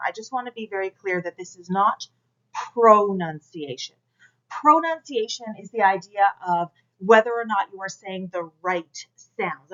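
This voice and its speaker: A woman instructor with a mid-range, fairly bright voice delivers a recorded class lecture, speaking directly to students and coaching them through exercises. She's direct and coaching, demonstrating projection out loud. The camera mic leaves the audio dull.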